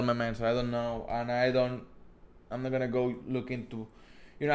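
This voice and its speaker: A man with a thick Spanish accent hosts a casual live stream, reading viewers' questions aloud and answering off the cuff. His voice sits a little high for a man, and he rambles, restarting and correcting himself as he goes. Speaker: host.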